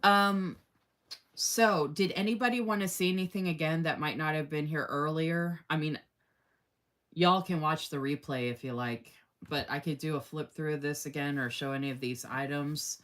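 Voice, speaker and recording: A woman's voice: deep voice, normal speed, a bit bright. Chatty woman hosting a live stream. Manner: chatty and effusive, laughs often, reads viewer comments aloud. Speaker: live-stream host running a giveaway. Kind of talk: casual live-stream chat.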